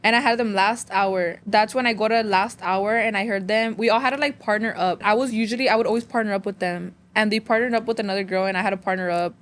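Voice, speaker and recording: A young woman chatting as a podcast guest, telling lively stories and switching between English and Spanish. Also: medium pitch, fast talker, few pauses. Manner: storytelling, mixing English and Spanish, acting out others. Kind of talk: casual interview chat.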